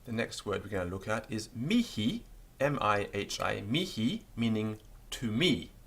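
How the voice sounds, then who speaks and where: A man's voice: unhurried, creaky, slightly rough. A man teaching a beginners' language lesson, patiently spelling out words letter by letter. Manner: lively pitch, stresses example words.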